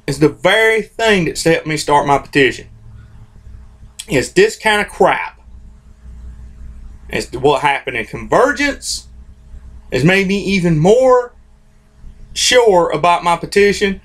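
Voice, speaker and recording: A man with a notably high voice hosts his own vlog and rants about comics. He sounds heated and informal, circling back to repeat himself and restarting his sentences. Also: lively intonation, slow, pauses often, a bit bright. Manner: heated, repetitive, informal, restarts phrases often. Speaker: host of a comics commentary channel. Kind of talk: opinionated vlog rant.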